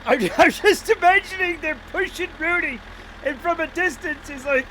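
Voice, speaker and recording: A man's voice: very high-pitched, a little slow, pushed and bright, slight background noise, low-quality recording. A man streaming a game, chatting casually, joking, swearing and often laughing. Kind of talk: casual livestream commentary.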